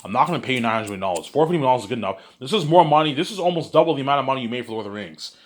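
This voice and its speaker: A man's voice: medium pitch, expressive, rapid-fire. A man rambling in a casual monologue, repetitive and boastful. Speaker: monologue host.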